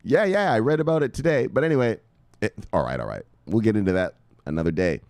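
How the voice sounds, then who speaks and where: A middle-aged man hosting a casual crypto live stream, joking, swearing and calling out viewers' names with a loud "bang". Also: on the low side, very animated, quick pace, dry recording. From United States. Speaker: crypto video host.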